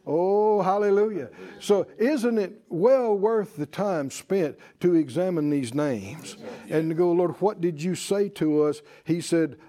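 A man preaches a sermon with a high-pitched voice. He talks in rhythmic call-and-response, rising to bursts of emphasis and then dropping low and soft. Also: measured pace, few pauses.

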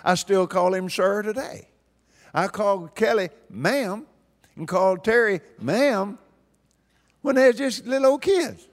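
A man's voice: high-pitched, slow pace. An older man preaching a sermon in a folksy, emphatic way, repeating phrases for stress. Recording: long hall reverb.

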